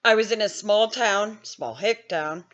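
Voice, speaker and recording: A woman's voice: mid-range voice, a little slow, fairly bright tone, dull audio. An older woman hosting a gaming channel, telling a story in a blunt, self-mocking way with lots of swearing. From Wisconsin, US. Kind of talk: casual storytelling.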